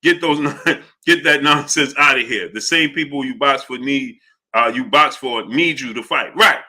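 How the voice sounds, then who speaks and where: A man hosting a casual livestream, reading viewer chats aloud and ranting heatedly, dropping to low mutters and then rising to loud outbursts. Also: normal speed. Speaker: livestream host.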